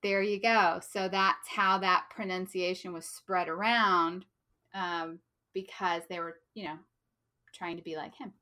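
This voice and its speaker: A woman's voice: on the low side, steady tone, measured pace, sharp tone. An American woman co-hosting a podcast in a bubbly, chatty way, laughing often. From United States. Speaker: podcast co-host. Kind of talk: casual podcast chat.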